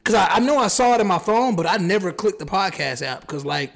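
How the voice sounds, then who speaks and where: Young man, podcast host, somewhat high voice, joking slangy casual chat. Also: gravelly, fairly bright tone. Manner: joking, slangy, talks in quick bursts.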